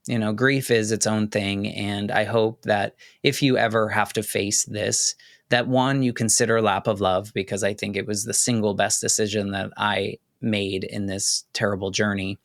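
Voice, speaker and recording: A man hosting a podcast, speaking candidly and haltingly about a painful loss, choking up at times. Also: on the low side, steady tone, dry recording, clean studio sound. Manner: candid, halting, with many restarts and "like" fillers. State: choking up with emotion. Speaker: podcast host. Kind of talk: personal reflective monologue.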